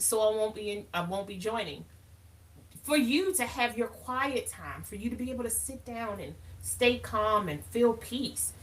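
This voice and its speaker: Bright emphatic woman hosting a live talk. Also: mid-range voice, recorded from a distance. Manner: emphatic, animated, calls listeners baby. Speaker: live show host.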